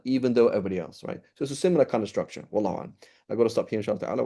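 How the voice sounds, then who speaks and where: A man's voice: on the low side, very fast, gravelly, warm tone. A man teaching an informal Quran study class, explaining step by step and checking in with his listeners often.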